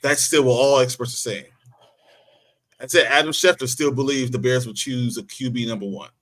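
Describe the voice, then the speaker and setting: A man's voice: mid-range voice, moderate pace, a bit bright. A man hosting a casual sports podcast, relaying betting odds and news reports to his co-hosts. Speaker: podcast host.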